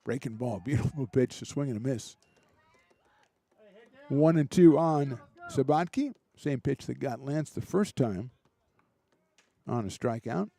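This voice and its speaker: A man calls a college baseball game play by play in a mellow, warm voice, relaxed and chatty, with dry little jokes between pitches. His voice sits close to the mic, with almost no room sound around it. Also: measured pace, gravelly, long pauses, no room sound. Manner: relaxed, chatty, lightly joking between pitches, rising excitement on big plays. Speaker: play-by-play announcer.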